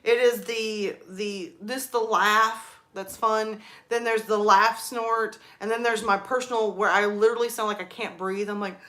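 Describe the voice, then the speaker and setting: A young woman chatting on her live stream, telling stories with quick laughs. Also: medium pitch, fairly bright tone. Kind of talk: casual live stream chat.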